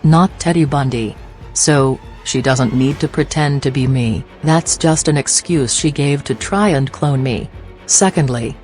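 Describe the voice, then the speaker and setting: A woman's voice: sits low, darkish tone. A woman host giving blunt, mocking commentary in a sarcastic, insulting way.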